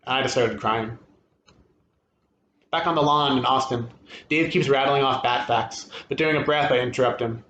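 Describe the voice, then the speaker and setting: A man reading a first-person short story aloud at a literary event, steady and expressive. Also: medium pitch, normal speed, muffled recording, a little hiss or hum. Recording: echoey room with faint ambience.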